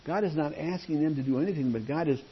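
Man teaching a Bible lesson, husky voice. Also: fairly high pitch, quick pace, muffled recording. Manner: explains verse by verse, asks the listeners questions. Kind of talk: sermon-style Bible teaching.

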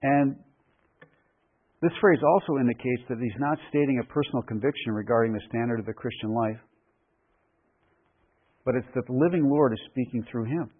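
A man preaching a verse-by-verse sermon in an emphatic, deliberate way, repeating key phrases for weight. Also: mid-range voice, breathy edge. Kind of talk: expository sermon. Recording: phone-like radio broadcast.

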